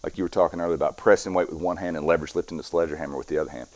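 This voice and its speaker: A man's voice: deep voice, steady tone, racing, darkish tone, no room sound. A middle-aged strongman guest talking casually in an interview, explaining his methods step by step as he demonstrates.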